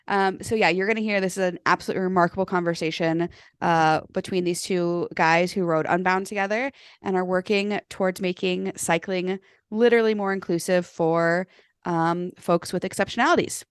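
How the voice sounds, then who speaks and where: A woman's voice: lowish voice, fairly even intonation, normal speed, clear, resonant tone, no room sound, clean studio sound. A woman co-hosting a podcast, chatting casually with many ums and likes and reading out guest bios. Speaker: podcast co-host.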